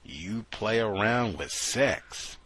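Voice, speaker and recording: A man hosting a talk show and delivering sardonic, incredulous commentary, moving between low mutters and loud exclamations. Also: animated, takes it slowly, dry recording, rough recording. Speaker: show host.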